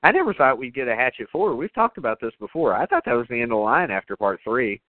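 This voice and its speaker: A man co-hosting a podcast, chatting casually and profanely about horror movies with excitement and jokes. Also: medium pitch, quick pace, dry recording, narrow, tinny audio. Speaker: podcast co-host.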